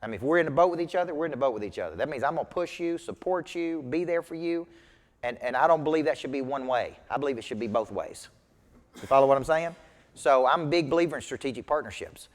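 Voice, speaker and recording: A male business coach drives a motivational sales training session, hammering his points home through punchy, repeated phrases. His voice sits at an ordinary middle pitch for a man. It carries a long reverb tail from the meeting room around him. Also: quick pace. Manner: emphatic, punchy repetition. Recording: reverberant hall sound.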